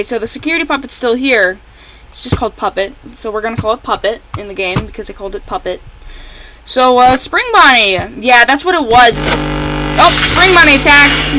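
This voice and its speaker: A woman giving casual, rambling commentary while playing a fan game she made, correcting herself often and breaking into excited outbursts at the characters. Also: a little high, background noise. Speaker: fan game creator playing her own game.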